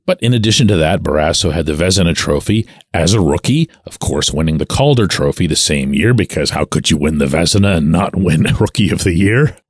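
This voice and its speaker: Deep-voiced man hosting a sports podcast. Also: expressive, breathy edge, no room sound, clean studio sound. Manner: measured, conversational, explanatory. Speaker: sports columnist and podcast host. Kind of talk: solo sports podcast commentary.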